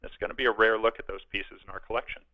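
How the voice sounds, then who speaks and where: A man's voice: lowish voice, little pitch movement, very fast, dry recording. A man promoting upcoming events as a guest on a radio show, talking in an upbeat, friendly way. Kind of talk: casual radio interview. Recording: dull lo-fi radio sound.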